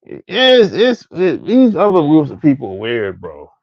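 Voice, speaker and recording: A man rants in a casual, profane, repetitive way, his fairly high voice swooping across an extremely wide range. The recording sounds dull and lo-fi, dry with no room echo. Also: huge pitch swings, a little slow. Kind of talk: casual rant.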